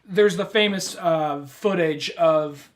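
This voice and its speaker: A man's voice: a little high, slow pace. A man co-hosting a podcast in casual chat, rambling and swearing as he recounts a movie. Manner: rambling, profane, acts out quoted lines loudly. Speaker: podcast co-host.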